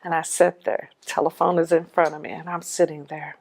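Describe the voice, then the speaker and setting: A middle-aged widow giving a personal testimony, telling her story in an animated way and acting out the dialogue. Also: low voice, a little fast, vocal fry.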